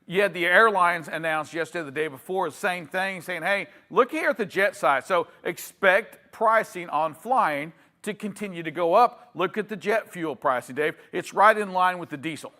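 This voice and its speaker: A man hosting a live trucking show, chatty and energetic, who keeps tossing to his co-host by name. His voice runs high for a man, with a ringing, vivid edge. The banter is delivered fast and upbeat from the studio.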